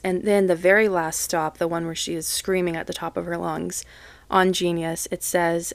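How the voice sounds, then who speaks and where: A woman's voice: fairly low pitch, level tone, normal speed, vocal fry, no echo. Emotional young woman gushing, close and dry. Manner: emotional, gushing, swearing freely. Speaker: podcast host. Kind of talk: casual solo podcast talk.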